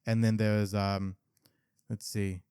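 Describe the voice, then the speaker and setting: A man co-hosting a podcast in casual chat, relaxed and rambling, with lots of "like" and restarts. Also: on the low side, slow pace, clear, resonant tone, no room sound, clean studio sound. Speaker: podcast co-host.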